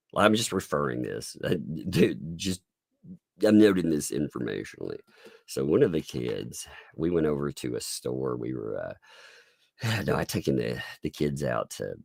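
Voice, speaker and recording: A middle-aged man hosting a live-stream commentary, sarcastic and quick to laugh and swear, his voice congested from sinus trouble. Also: very deep voice, vocal fry, slightly rough, dry recording, clean studio sound. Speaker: online commentary host.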